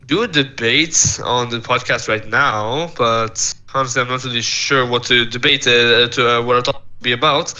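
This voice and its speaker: A man's voice: medium pitch, steady tone, moderate pace, hardly any pauses, pushed and bright, highs cut off. A man co-hosting a podcast in casual chat, hesitant and rambling, with many restarts and flustered protests. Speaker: podcast co-host.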